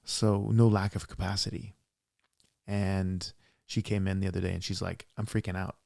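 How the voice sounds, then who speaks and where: Gravelly man, emphatic podcast storyteller. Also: low-pitched, little pitch movement, moderate pace, darkish tone, no echo, clean studio sound. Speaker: podcast co-host; practitioner who sees patients. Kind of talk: casual conversational podcast.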